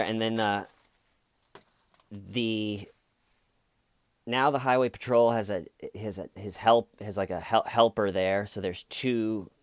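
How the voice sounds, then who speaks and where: A man's voice: lowish voice, clear, resonant tone, dry recording, studio quality. A man telling a story in a casual, rambling way, often restarting and correcting himself. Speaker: channel host.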